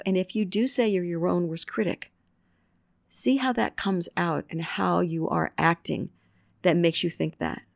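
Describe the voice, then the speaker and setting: A middle-aged woman hosts a self-help podcast in a chatty, upbeat manner. Her voice has a touch of gravel, and she acts out little bits of self-talk with lively jumps in pitch. The sound is close and dry, with no room around it. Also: no room sound. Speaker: podcast host. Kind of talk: casual self-help monologue.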